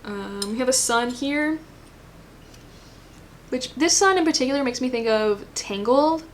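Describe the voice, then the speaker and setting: A woman with a somewhat high voice gives a casual tarot reading. She rambles, thinks aloud, and fills pauses with ums and likes. A faint noise sits under her voice. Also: animated. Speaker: tarot reader.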